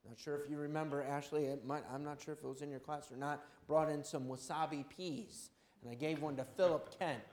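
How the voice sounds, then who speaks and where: Animated preacher man in an echoey room. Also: on the high side, a little fast. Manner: animated, swings between loud exhortation and quiet anecdote. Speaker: pastor. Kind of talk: sermon.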